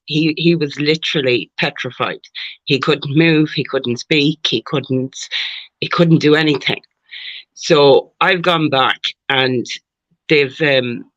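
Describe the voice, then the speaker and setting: A woman from Mayo with an Irish accent, telling her story as a podcast guest, animated and swearing freely. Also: sits low. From Ireland. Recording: dull lo-fi sound.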